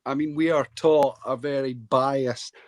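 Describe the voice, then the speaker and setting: A man with a Scottish accent calling into a football stream, lively and jokey. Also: medium pitch, dry recording. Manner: lively, jokey, fast-talking fan. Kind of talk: casual live-stream chat.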